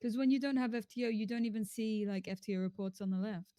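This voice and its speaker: A woman talks through police business in a role-play game, pausing on fillers and restarting her sentences. Her voice sits a little high and sounds close and dry. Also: dark tone, dry recording. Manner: hesitant, many fillers and restarts. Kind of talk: in-character role-play chat.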